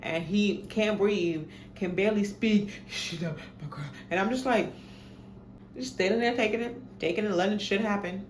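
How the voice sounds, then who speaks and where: A woman's voice: medium pitch, moderate pace. A young adult woman, animatedly telling a profane personal story in a casual storytime. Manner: animated, profane, dramatic retelling. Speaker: storytime vlogger. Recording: echoey room, faint background noise.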